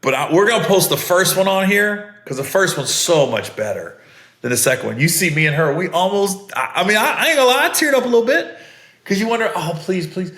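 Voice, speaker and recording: A man's voice: high voice, lively intonation, quick pace, fairly bright tone. A middle-aged man hosting a podcast, telling stories in a casual, earnest way that often repeats itself. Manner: conversational, repeats himself, earnest. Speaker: podcast host. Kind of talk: casual storytelling monologue. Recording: roomy echo.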